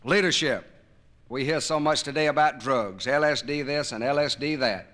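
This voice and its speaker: A man's voice: mid-range voice, normal speed, fairly bright tone. A man giving a patriotic speech to a live audience, telling folksy stories and jokes with emphasis. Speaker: public speaker. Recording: 1970s vinyl record of a live speech.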